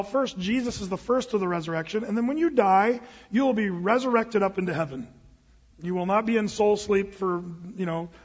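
High-voiced pastor, emphatic, lo-fi hall. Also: male voice, breathy edge. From United States. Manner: conversational, emphatic, with quoted asides. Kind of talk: sermon. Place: church sanctuary.

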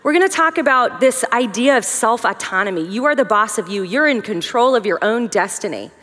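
A woman's voice: a little high, brisk. Woman teaching with joking asides in a hall. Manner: conversational, joking asides, lively emphasis. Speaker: women's conference speaker. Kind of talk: humorous teaching talk.

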